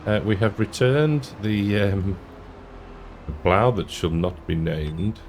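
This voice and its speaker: A man's voice: fairly low pitch, slow, darkish tone, a little hiss or hum. A man giving casual, rambling commentary while playing a farming game, often chuckling to himself. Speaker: gaming YouTuber.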